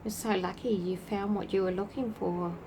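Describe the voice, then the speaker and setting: Sitting outdoors at night in a breeze, a woman who hosts a spiritual channel runs a casual livestream, greeting viewers by name. Her medium-pitched voice holds a steady tone at a moderate pace over a noisy background.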